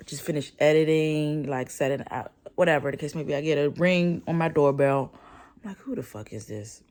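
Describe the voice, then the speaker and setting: A woman's voice: sits low, a little mellow. A woman vlogging from bed at home, venting in casual, profane talk.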